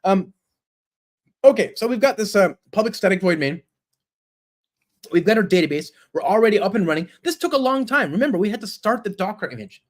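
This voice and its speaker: A man with a high, expressive voice gives a live-coding presentation at a conference, talking fairly quickly and pausing often. Chatty and enthusiastic, he types code aloud and keeps checking in with the audience with "right?" and "okay?"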